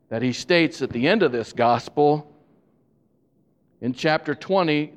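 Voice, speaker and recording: A man, a pastor, preaching a sermon with emphatic stresses and conversational asides. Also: on the high side.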